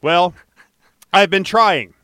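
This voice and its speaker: A man's voice: high voice, takes it slowly, pushed and bright, dry recording, clean studio sound. A man hosting a casual podcast, upbeat and chatty, reading out a call-in number and plugging next week's show. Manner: upbeat, chatty, laughs easily. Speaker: podcast host.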